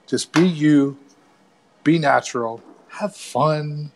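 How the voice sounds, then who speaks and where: A man's voice: fairly high pitch, takes it slowly. A man calling in as a guest from a hotel lobby, playful and encouraging. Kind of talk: casual live-stream chat.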